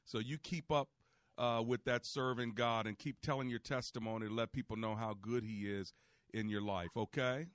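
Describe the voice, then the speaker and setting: A man's voice: mid-range voice, fairly even intonation, moderate pace, dry recording. A man hosting a call-in radio ministry show, preaching earnestly and encouraging his callers.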